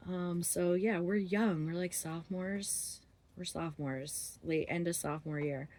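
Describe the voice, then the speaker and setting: A woman's voice: on the low side, fairly even intonation, unhurried, a little mellow. A woman casually telling a story from her youth, rambling with lots of fillers and frequent laughter.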